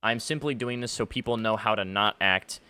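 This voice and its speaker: A man's voice: on the low side, a little fast, pushed and bright, smooth. A man talking to his viewers about an argument, aggrieved and ranting, with lots of fillers. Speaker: gaming YouTuber. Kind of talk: commentary to camera. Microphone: face cam setup.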